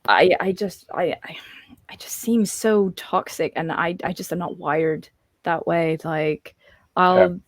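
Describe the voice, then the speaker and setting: A woman's voice: lowish voice, slow, dry recording. Earnest woman guest, dry close sound. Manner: earnest, gentle, hesitant restarts. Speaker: podcast guest. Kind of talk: casual podcast chat.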